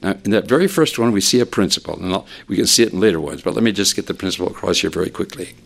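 A man delivers a sermon in a low, gravelly voice. He climbs sharply for emphasis and then sinks to near whispers. He restarts phrases and repeats words as he presses his points. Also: very fast, few pauses. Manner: animated preaching, rising for emphasis, dropping to a hush. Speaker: preacher.

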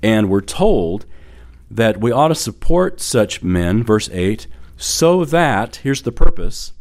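A man's voice: medium pitch, darkish tone. A middle-aged man preaching a sermon as pastor, telling stories in a conversational way with fillers and light laughter.

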